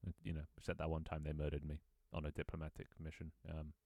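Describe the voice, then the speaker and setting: A man with a very low voice chats loosely over a multiplayer game, teasing other players and breaking into chuckles. The sound is dry and close, with no room around it. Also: monotone, fast talker, a little mellow, no room sound. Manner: playful, joking, chuckles often. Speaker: gaming streamer. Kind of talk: casual gameplay chat.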